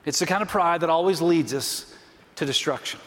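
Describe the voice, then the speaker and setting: A man preaching a sermon, telling a story and stressing key phrases slowly. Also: fairly high pitch, a bit bright, big-room sound. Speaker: pastor.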